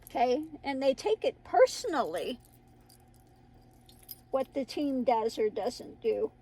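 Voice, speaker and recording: Slow-talking, high-voiced chatty woman. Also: very animated, dark tone, breathy edge, poor audio. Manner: rambling, chatty, laughs often. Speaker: tarot reader and channel host. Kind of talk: casual chat to viewers.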